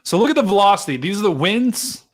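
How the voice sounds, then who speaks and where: Excitable man hosting a storm stream. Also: high voice, fast talker. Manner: excitable, chatty, talks to chat directly. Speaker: livestream weather host. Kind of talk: live storm-tracking stream commentary.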